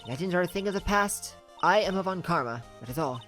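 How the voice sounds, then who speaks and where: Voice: mid-range voice, lively intonation, quick pace, fairly bright tone, pitched above the performer's own voice, close to an everyday voice. A let's-play host voicing a cold, haughty young woman prosecutor from a courtroom game, clipped and arrogant. Faint game music plays behind.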